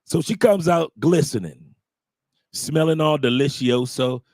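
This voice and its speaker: A man's voice: a little high, unhurried, a little mellow, no echo, clean studio sound. Joking American man telling a bawdy story. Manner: loose, bawdy and joking, with acted-out quotes. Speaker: host. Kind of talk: casual storytelling to a live audience.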